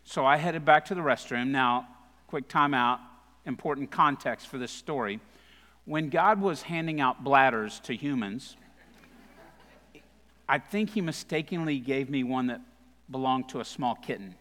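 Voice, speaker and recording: A man's voice: mid-range voice, measured pace, a bit bright, long reverb tail. A man giving a guest sermon at a live church service, telling funny, self-deprecating stories in a conversational way. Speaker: guest speaker. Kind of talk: humorous storytelling sermon.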